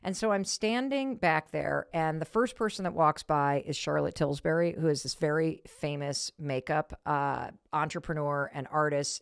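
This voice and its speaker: A middle-aged woman hosting a podcast, telling a story in a casual, animated way and acting out quotes in a high voice. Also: moderate pace, vocal fry, smooth, no room sound, clean studio sound. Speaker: podcast host.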